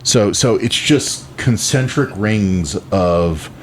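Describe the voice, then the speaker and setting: A man co-hosting a podcast in casual chat, talking in halting bursts with many restarts. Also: lowish voice, lively intonation, slight background noise. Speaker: podcast co-host.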